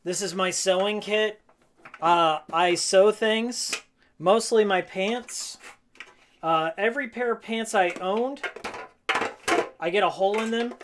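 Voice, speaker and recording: Hoarse, rambling male streamer. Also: high voice, slow, pauses often, a bit bright, a little hiss or hum. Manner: rambling, jokey, repeats his own phrases. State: hoarse, losing his voice. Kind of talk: casual live-stream chat while cleaning. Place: game room at home, indoors.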